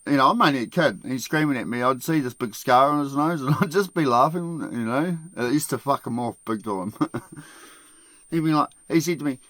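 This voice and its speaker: A man tells a rambling story to his listeners in a bright, forceful voice, swearing freely and laughing as he goes. He slips into shouted imitations of the people he worked with. The recording is close and dry, with no room sound. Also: medium pitch, normal speed, dry recording. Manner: profane, laughs often, acts out other people's shouting. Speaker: podcast host telling a work story. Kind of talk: casual storytelling.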